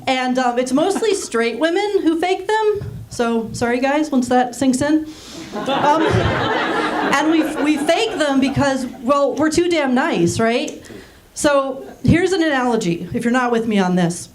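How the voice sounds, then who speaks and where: A woman in her thirties, raised in Germany, doing a deadpan stand-up set on a small theater stage with frequent ums. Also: sits high, a little slow. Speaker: stand-up comedian. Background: audience laughing.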